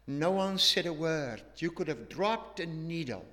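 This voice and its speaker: A man preaching a sermon, telling a story earnestly with emphatic rises and hushed drops, often restarting his phrases. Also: on the high side, animated, measured pace. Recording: long hall reverb.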